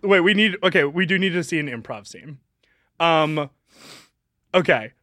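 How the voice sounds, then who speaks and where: A woman from Canada co-hosting a comedy podcast, playful and giggly with quick wordplay. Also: deep voice, lively intonation, a bit bright, no room sound, studio quality. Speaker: podcast co-host. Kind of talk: casual improv comedy chat.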